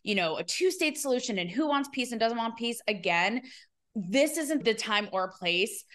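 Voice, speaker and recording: A woman's voice: a little high, expressive, moderate pace, fairly bright tone. A woman hosting her own podcast, giving candid, rambling, emotional commentary and fighting back tears. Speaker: podcast host.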